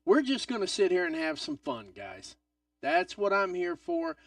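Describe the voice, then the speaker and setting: A man hosting a live wrestling watch-along stream, excitable and swearing, swinging from loud outbursts to mutters. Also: sits high, a little slow, gravelly, dry recording, studio quality, distant mic.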